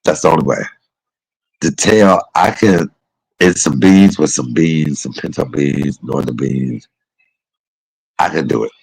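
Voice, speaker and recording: A man's voice: rumbling low, a little slow, gravelly, pauses often, breathy edge, low-quality recording. A man chatting casually and rambling on a livestream, calling his viewers y'all and baby. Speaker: live streamer.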